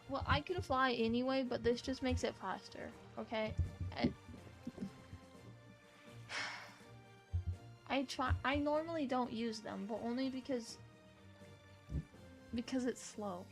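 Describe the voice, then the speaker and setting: A woman's voice: a little high, slow, pauses often, faint music behind. An American woman talking casually and rambling while she streams a game, swearing now and then. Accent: neutral American with some British-sounding words. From United States. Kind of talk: casual gaming stream chat.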